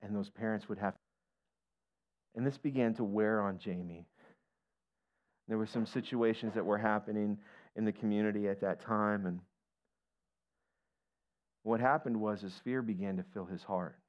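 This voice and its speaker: A man's voice: fairly even intonation, moderate pace, long pauses, dull audio. A man preaching a sermon and telling a story, building his voice up with feeling and then dropping to near-whispers. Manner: emotional, builds to a raised pitch then drops to near-whispers. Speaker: pastor.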